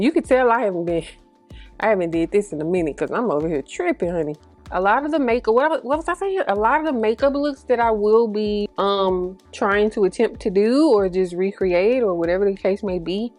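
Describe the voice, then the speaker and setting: Thirties woman beauty vlogger, mid-pitched, casual and rambling, bit breathy. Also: a little mellow. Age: 30s. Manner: chatty, slangy, rambling asides; a little breathy, holds breath mid-sentence. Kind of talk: casual get-ready-with-me chat.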